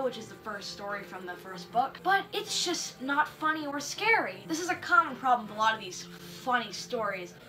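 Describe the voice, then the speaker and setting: A young woman giving a sarcastic, animated comedic commentary on a book of stories, with mock outrage. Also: on the high side. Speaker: book reviewer. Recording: faint music underneath.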